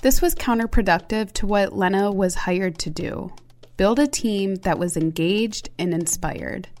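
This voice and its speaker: A woman narrating a scripted documentary segment in a measured, explanatory way. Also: mid-range voice, a little mellow.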